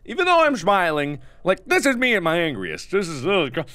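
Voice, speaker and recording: A man hosting a gaming video, giving let's play commentary with loud, exaggerated, mock-angry outbursts. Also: sits high, sing-song, normal speed, hardly any pauses, no room sound.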